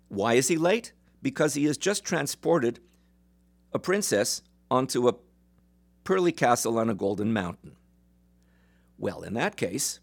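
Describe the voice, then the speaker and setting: A man of middle pitch, giving a lecture and retelling a fairy tale step by step. His delivery is measured, with a few fillers and restarts along the way. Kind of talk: storytelling lecture.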